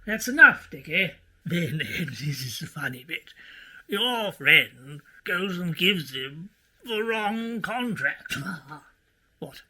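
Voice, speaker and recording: A theatrical, fussy quiz host in a radio comedy. His voice is high and very bright. His pitch swoops up and down. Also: heavily acted. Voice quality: pompous, theatrical.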